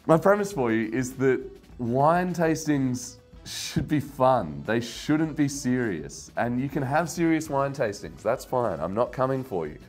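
A man's voice: mid-range voice, expressive, a little slow, soft background music. A young man hosting a wine channel, rambling casually and getting worked up, mocking himself as he goes. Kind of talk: casual rant to camera.

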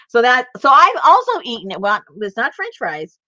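A woman's voice: on the high side, moderate pace. Lady telling a rambly story, voice jumps all over, dry muffled sound. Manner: rambling, animated, laughs while telling stories. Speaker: crafter and channel host. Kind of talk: casual storytelling chat.

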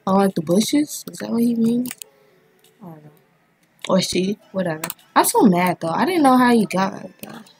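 A woman giving casual, excitable commentary as she plays a video game, chatting and thinking aloud as she goes. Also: medium pitch, normal speed. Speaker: gaming channel host.

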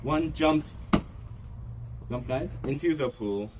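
A middle-aged man hosting a library story time, reading a picture book aloud to children in an animated, sing-song way. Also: medium pitch, slow, background noise.

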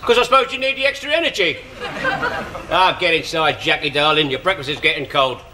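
Actor as a cheeky bus driver, man, hearty, laughing, high voice, noisy old TV sound. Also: a little fast, crowd noise, lightly acted. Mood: cheery. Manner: hearty, jokey, laughing as he talks.

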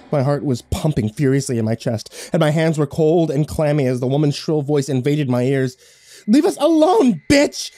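A man's voice: fairly high pitch, warm tone, no room sound. A man narrating a first-person horror story in a dramatic, scripted storytelling style.

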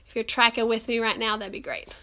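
A woman's voice: a little high, level tone, brisk, bright, forceful tone. A woman with a cold hosting a live stream, talking earnestly and chattily with many fillers. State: has a cold. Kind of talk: encouraging live-stream talk. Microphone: phone or webcam live stream.

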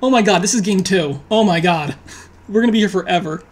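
Lady playing a card game, mid-pitch voice, mutters her moves then yells and laughs at bad draws. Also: fast. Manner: talks to herself, swings from quiet musing to loud laughing outbursts; swears and pleads at the game. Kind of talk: thinking aloud while playing an online card game.

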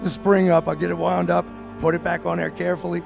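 A man speaking at a business summit, telling a story to the audience in an animated way and acting out what everyone in it said. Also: sits high, quick pace, vocal fry, over music. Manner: animated, acts out the dialogue of the people in his story.

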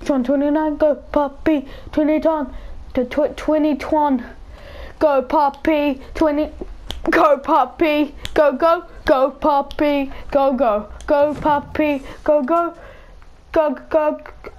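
A woman giving rambling, excitable live commentary over her own gameplay, bursting into shouts now and then. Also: sits high, slow pace, muffled recording. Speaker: gaming channel host.

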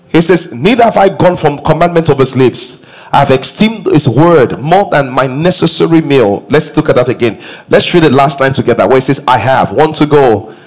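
A man's voice: a little high, breathy edge, rough recording. A middle-aged man preaching a sermon in a church, repeating key lines and putting questions to the congregation. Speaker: pastor. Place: church auditorium.

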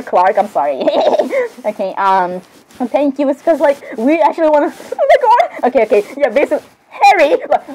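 Giggly high-voiced woman improvising characters. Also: darkish tone, low-quality recording. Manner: giggly, apologetic, rambling, keeps breaking into laughter. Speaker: channel creator. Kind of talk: improvised fan role-play with drawings.

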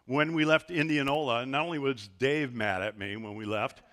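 A man's voice: mid-range voice, steady tone, a little fast, a bit bright. A middle-aged man preaching a sermon as a pastor, telling stories with animation and acting out the voices he quotes. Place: church sanctuary.

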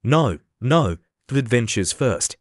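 A man's voice: medium pitch, lively intonation, moderate pace, no room sound, studio quality, lightly acted. A man reading as an impatient griffin. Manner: solemn, matter-of-fact delivery. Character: impatient, bossy male griffin creature.

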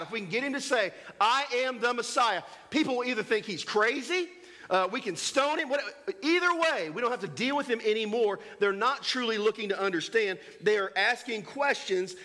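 A man preaching a sermon as pastor, animated and joking, acting out little scenes for his congregation in a church. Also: high-pitched. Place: church sanctuary.

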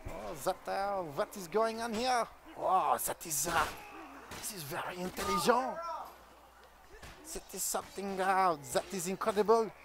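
A man's voice: sits high, a little slow, gravelly, heavy background noise. A man doing a fussy, shocked Frenchman. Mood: bewildered. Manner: formal, hesitant, many fillers. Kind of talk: comedic gaming character bit.

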